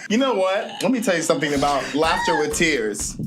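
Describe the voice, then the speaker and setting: A woman's voice: sits low, very animated, a little fast, background noise. A woman hosting a casual chat show, laughing often and breaking into song. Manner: laughs often, sings snatches of songs. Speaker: host. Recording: loud music in the background.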